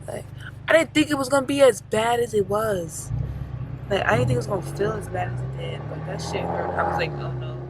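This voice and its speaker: A young woman in her twenties talks to a handheld camera while running errands. Her voice sits at a medium pitch, relaxed and chatty, and she keeps calling her viewers y'all. Clear street and store noise runs behind her. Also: brisk. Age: 20s. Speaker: vlogger. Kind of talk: casual vlog chat.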